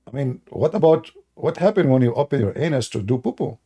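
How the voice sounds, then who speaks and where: A man's voice: medium pitch, lively intonation, brisk, warm tone, husky. A man giving a sarcastic, mocking commentary monologue in broken, non-native English, laughing at his own points. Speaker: online religion critic.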